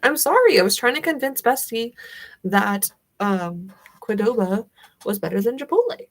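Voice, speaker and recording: A young woman with a light Southern accent chats casually with her livestream audience. Her voice carries a gravelly vocal fry, and she rambles with fillers and giggles, her pitch sitting right in the middle. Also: expressive, measured pace. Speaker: livestream host. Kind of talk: casual chat with viewers.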